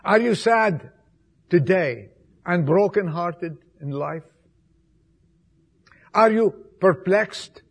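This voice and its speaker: A man preaching an Easter sermon, with emphatic repetitions, swinging between loud appeals and soft, hushed passages. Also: high-pitched, expressive, creaky, breathy edge. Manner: slow, emphatic delivery with repetitions.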